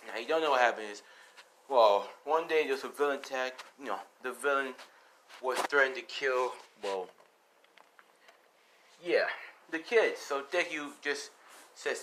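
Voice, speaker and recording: A man's voice: medium pitch, expressive, measured pace, long pauses, a bit bright. A man telling a fan story in a loose, rambling way, packed with fillers and swear words. His voice sits in an ordinary middle range, with a faint hiss behind it. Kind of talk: casual retelling of a fan story.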